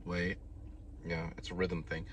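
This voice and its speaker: Low-voiced man vlogging from his car. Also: monotone, unhurried. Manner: rambling, talks while chewing. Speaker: food delivery driver. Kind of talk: casual eating vlog. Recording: distant, noisy car recording.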